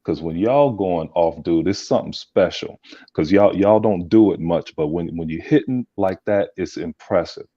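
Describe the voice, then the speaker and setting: A man's voice: sits low, normal speed, warm tone, no echo. A man joining as a guest in a casual chat, laid-back and rambling with restarts. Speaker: podcast guest. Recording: dull dry lo-fi sound.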